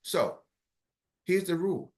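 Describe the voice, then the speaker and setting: A middle-aged man coaching a team in a motivational talk on an online call, energetic and repetitive, often checking that his listeners are with him. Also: high-pitched, slow pace. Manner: energetic, repetitive, keeps asking the audience if they follow. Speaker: business coach.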